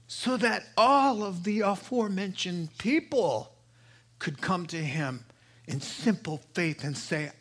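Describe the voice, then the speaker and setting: A man preaches with a bright, forceful voice set a little high. He swells to emphatic, impassioned peaks and then falls to hushed asides. The delivery is a sermon throughout. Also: expressive, slow pace, slightly rough. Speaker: pastor.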